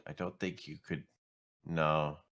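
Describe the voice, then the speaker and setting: Deep-voiced wry man in roleplay. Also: little pitch movement, slow, a bit bright. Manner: dry, wry. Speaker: tabletop roleplaying player. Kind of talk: in-character roleplay chat.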